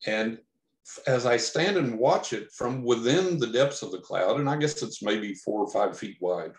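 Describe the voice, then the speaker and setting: A man from Texas tells a long first-person story as a podcast guest, and he gets animated when he acts out what he and others said. His voice sits at a middle pitch for a man. The recording has a roomy echo around it. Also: unhurried. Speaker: podcast guest, psychic investigator.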